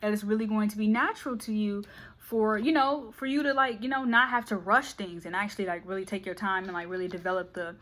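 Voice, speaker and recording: A woman's voice: mid-range voice, fairly bright tone. Chatty woman giving a playful tarot reading. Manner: fast, chatty, playful, keeps saying okay. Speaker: tarot reader.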